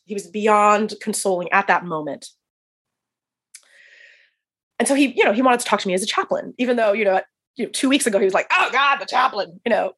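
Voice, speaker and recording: A woman, a hospice chaplain, talking as a podcast guest in an animated storytelling way and laughing often. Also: medium pitch, husky. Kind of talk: casual podcast interview.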